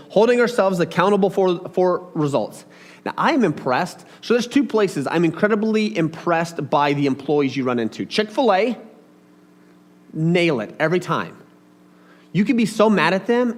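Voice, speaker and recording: A man preaching a casual, chatty sermon, talking straight to his congregation with asides and questions. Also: high-pitched. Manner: chatty and animated, talks to the audience with asides.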